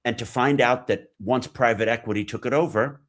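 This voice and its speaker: A man's voice: medium pitch, brisk, fairly bright tone. An American man, a guest on a podcast, explaining things in an earnest, lecturing way. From United States. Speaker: podcast guest, geopolitics analyst. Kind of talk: casual conversational interview.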